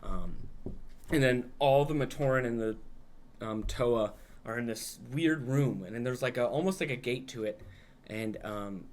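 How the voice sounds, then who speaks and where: A man's voice: medium pitch, a little slow. A young adult man, a podcast co-host, recapping a film in a rambling, casual way, peppered with "like" and swearing.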